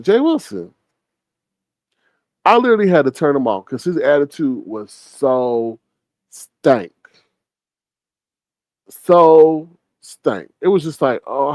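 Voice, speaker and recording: A man hosting casual gossip commentary, animated and mocking, often mimicking others with big jumps in his voice. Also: mid-range voice, no room sound. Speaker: commentary channel host.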